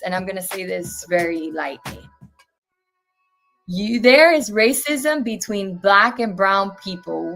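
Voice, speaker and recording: A woman's voice: medium pitch, fairly bright tone. A woman in her twenties, a guest telling a personal story in an earnest, indignant way and acting out each exchange as she goes. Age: 20s.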